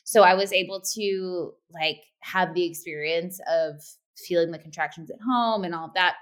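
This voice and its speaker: A woman's voice: moderate pace, fairly bright tone. Chatty woman telling a story. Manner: chatty storyteller, acts out quotes with pitch jumps. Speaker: podcast co-host. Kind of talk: casual chat.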